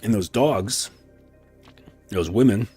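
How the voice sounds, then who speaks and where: Brief: male dating coach, loose rambling storyteller, deep voice. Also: slow, mellow, breathy edge, soft background music. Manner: rambling, with frequent fillers and profanity. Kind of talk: casual storytelling talk.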